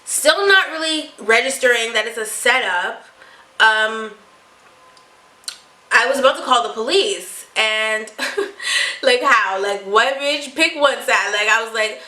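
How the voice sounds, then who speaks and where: A young adult woman telling a storytime vlog to her viewers, animated and full of swearing. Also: a little high, slow, long pauses, reverberant, low-quality recording. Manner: animated, profane storytelling, often addressing viewers. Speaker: vlogger.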